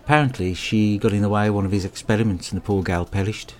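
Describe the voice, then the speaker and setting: A man delivers a crude, deadpan and rambling comic monologue. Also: fairly low pitch, fast talker.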